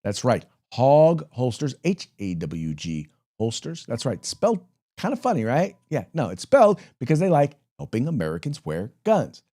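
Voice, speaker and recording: A man's voice: mid-range voice, wildly swooping pitch, moderate pace, mellow. A man hosting a political talk show, rambling in a folksy way with many fillers and restarts, reading sponsor spots. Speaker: podcast host.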